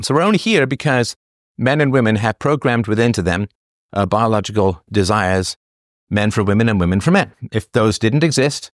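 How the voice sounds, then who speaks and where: A man talks through an argumentative solo commentary, animated and sarcastic, with short laughing asides. His voice sits at an ordinary male pitch and sounds close and dry, with no room around it. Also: no room sound. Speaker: host.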